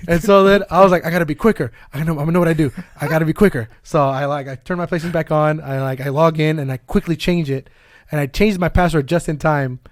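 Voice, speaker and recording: A man co-hosting a casual gaming podcast, telling a story fast and animatedly, with swearing and laughs. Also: a little high, steady tone, no echo, clean studio sound. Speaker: podcast co-host. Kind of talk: casual chat among friends.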